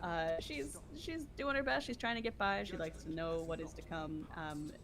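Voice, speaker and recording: A woman chatting casually and quickly about her tabletop character, laughing often on a desk mic. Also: on the low side. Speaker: podcast editor and player.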